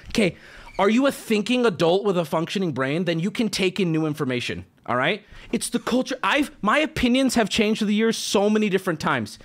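A man's voice: high voice, very animated, brisk. A man in his late twenties, a streamer, ranting heatedly and swearing in casual talk on his own stream, recorded on a studio mic with a noise gate. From United States. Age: late 20s. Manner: heated, swearing, shouting at times.

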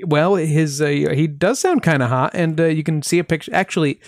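A man co-hosting a podcast narrates a mystery case in casual chat, a dry storyteller who cracks dry jokes. His voice is a little high and fairly quick, and the recording is dry.

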